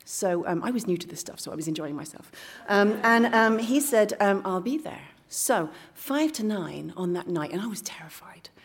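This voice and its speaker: A woman telling a candid personal story on stage in a playful way, dropping into hushed asides. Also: medium pitch, expressive, moderate pace. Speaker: story slam finalist.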